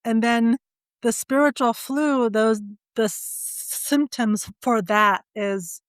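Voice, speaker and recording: A middle-aged woman telling a personal story as a podcast guest, halting often with stutters and fillers like "you know" and "like". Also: a little high, smooth, dry recording.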